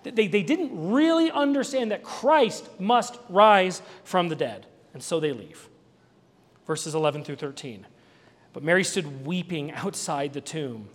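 A male pastor giving an Easter sermon in a conversational, animated way, with asides and small jokes. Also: sits high, a little slow, in a large hall.

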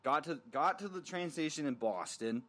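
A man's voice: on the high side, normal speed. Young man telling a rambling story. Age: young adult. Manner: animated, profane storytelling with lots of fillers. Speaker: podcast co-host. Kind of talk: casual storytelling chat.

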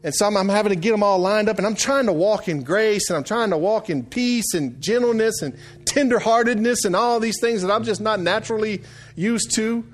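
Storytelling pastor with shouted bursts. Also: male voice, high voice, brisk, faint music behind. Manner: storytelling, swings from quiet to loud shouted bursts. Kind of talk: sermon.

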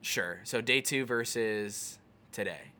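A man who is a guest in a casual chat, speaking in a thoughtful, encouraging way with halting restarts. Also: on the low side, animated, pushed and bright.

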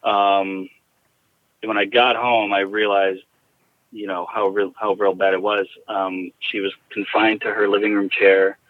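A man recounting a personal story in a halting, reflective way, heard over a tinny phone line. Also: lowish voice, little pitch movement, no echo. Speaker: guest.

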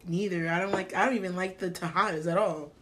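A woman's voice: on the low side, steady tone, fast talker, very noisy. A woman co-hosting a casual podcast, rambling and searching for her words. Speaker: podcast co-host. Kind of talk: casual chat.

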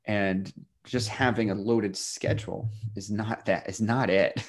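A man co-hosting a podcast in casual chat, relaxed, laughing often and trailing off quietly. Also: lowish voice, unhurried. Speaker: podcast co-host.

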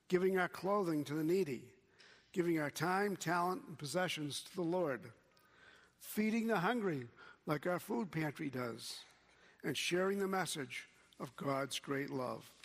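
High, gravelly-voiced male pastor preaching. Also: a bit bright, in a large hall. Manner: slow, measured preaching with quoted scripture. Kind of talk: sermon.

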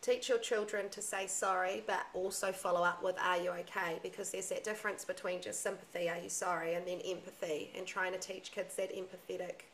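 A young woman with a lowish voice talks frankly and emphatically, dropping swear words without a second thought. She chats casually on a podcast, with a faint hum of room ambience behind her. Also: flat delivery, a little fast, few pauses, a bit bright, poor audio. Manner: candid, swears freely, emphatic. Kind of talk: casual chat.

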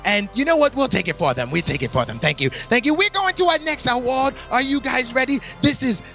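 A man's voice: very high voice, big pitch swings, brisk, vocal fry, sharp tone, soft background music. A man hosting a casual wrestling awards chat, playful and exaggerated, swearing freely. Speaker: podcast host giving awards.

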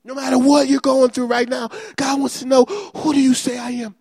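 High-voiced gravelly preacher man. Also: level tone, moderate pace, no echo, studio quality. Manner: fervent, repetitive preaching that builds to shouts. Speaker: pastor. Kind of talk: sermon.

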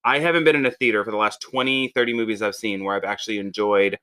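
Fast, bright-voiced man chatting. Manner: animated storyteller, jumps in pitch when quoting people. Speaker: podcast co-host. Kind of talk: casual chat.

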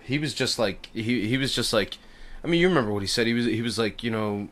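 A man's voice: medium pitch, fast talker, fairly bright tone, slight background noise. A young adult man hosting a podcast in casual chat, rambling and laid-back, swearing now and then. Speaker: podcast host.

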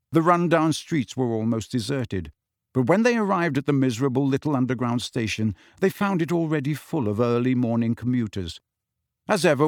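Brief: male storyteller, animated delivery, dry close sound. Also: medium pitch, no room sound. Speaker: audiobook narrator. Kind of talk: audiobook narration.

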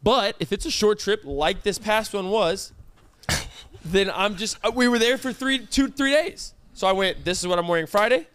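A young man co-hosting a podcast in casual chat, animated and teasing, laughing often. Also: high-pitched, measured pace, smooth. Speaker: podcast co-host.

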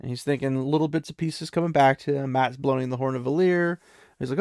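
A man retells a fantasy story in a loose, chatty way. His voice is gravelly and sits at a middle pitch. The sound is dry and close. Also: fairly even intonation, brisk, a little mellow, no room sound. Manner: chatty, loose, with many "he's like" asides.

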